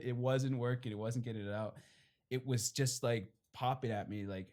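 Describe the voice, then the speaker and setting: A man's voice: medium pitch, fairly even intonation, fast talker, a little mellow. A young man, a priest, telling his own story in a rambling, candid way full of fillers and short laughs. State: briefly tearful. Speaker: priest giving his testimony. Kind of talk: personal testimony at a fireside talk.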